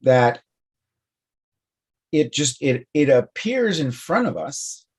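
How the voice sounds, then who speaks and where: A man's voice: medium pitch, big pitch swings, takes it slowly, breathy edge. Guy co-host chatting casually, tosses out playful examples. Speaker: podcast co-host. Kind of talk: casual conversational chat.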